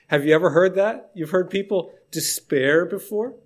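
A man's voice: high voice, moderate pace, few pauses. A man preaching an informal sermon in a conversational, emphatic way.

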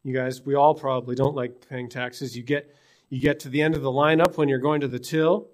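A man's voice: medium pitch, steady tone, brisk. A man from British Columbia preaching a sermon in a conversational way, asking his congregation rhetorical questions. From British Columbia, Canada. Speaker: pastor. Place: church in Newfoundland.

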